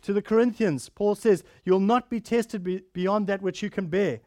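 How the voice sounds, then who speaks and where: An earnest male preacher with a fairly high voice delivers a sermon, pressing hard on key phrases before easing into soft, hushed stretches. The sound is close and dry, with no room around it. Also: moderate pace, no echo. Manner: earnest preaching, rising to emphatic then dropping soft and quiet.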